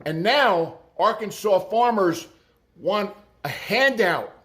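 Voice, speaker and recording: A man's voice: high voice, expressive, slow pace, a bit bright. A man giving profane political commentary in a sarcastic, mocking way. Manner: sarcastic and mocking, swears freely.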